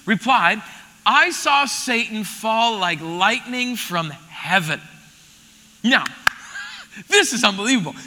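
A man in his thirties preaching an animated, joking sermon to a congregation in a church auditorium. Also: extremely high pitch, big-room sound. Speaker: pastor.

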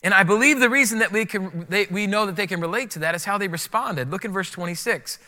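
A man preaching a lively sermon to a congregation, playful and emphatic, with casual slang. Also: sits high. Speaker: pastor. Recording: long hall reverb.

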